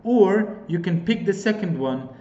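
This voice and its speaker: A man's voice: high-pitched, lively intonation, a little slow, mellow. A man with a Kurdish accent teaching an English class online, explaining points with repeated examples and frequent fillers. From Kurdistan region of Iraq. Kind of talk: online lecture. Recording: roomy, dull lo-fi recording.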